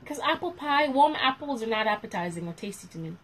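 A woman's voice: on the high side, lively intonation, fast talker, a bit bright, slight background noise, poor audio. A woman from Kenya chatting casually as a co-host, with playful, dramatic complaints. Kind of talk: casual chat.

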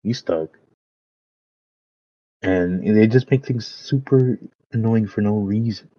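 Laid-back husky man, dull lo-fi sound. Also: lowish voice, takes it slowly. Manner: laid-back, says "bro" constantly. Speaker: podcast guest. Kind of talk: casual chat.

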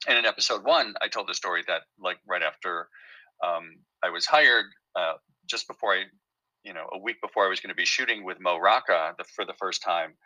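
A man's voice: low voice, brisk, bright, forceful tone, dry recording, dull audio. A man who creates and writes a TV show, telling his story in a casual interview with many fillers and restarts.

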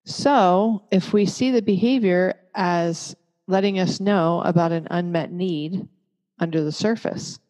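A woman giving a calm, measured talk that teaches parents. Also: lowish voice. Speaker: parenting educator. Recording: long reverb.

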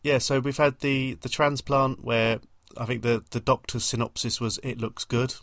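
A man co-hosting a podcast, recapping a film in a dry, gently mocking way. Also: mid-range voice, fairly even intonation, moderate pace, a little hiss or hum. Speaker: podcast co-host.

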